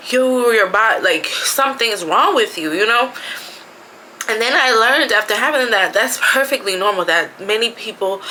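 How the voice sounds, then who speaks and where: Her mid-range voice pushed and bright, a woman chats about being pregnant in a bathroom vlog at home, sprinkling in "like" and "you know" often. The audio is poor, with slight background noise.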